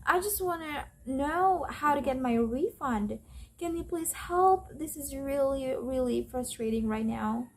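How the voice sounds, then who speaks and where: A woman's voice: high-pitched, lively intonation, a little slow. A woman voicing a frustrated female customer who pleads and complains about a missing refund. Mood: pleading.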